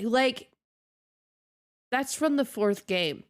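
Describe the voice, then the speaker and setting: A woman's voice: sits high, expressive, a little slow, long pauses. A woman streamer chatting casually on a live stream, ranting in an exasperated way and laughing often.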